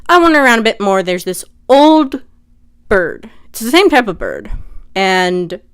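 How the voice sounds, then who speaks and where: A young woman casually retelling a story for her vlog, chatty and animated, full of "like". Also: medium pitch, a little slow, clear, resonant tone. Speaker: vlogger.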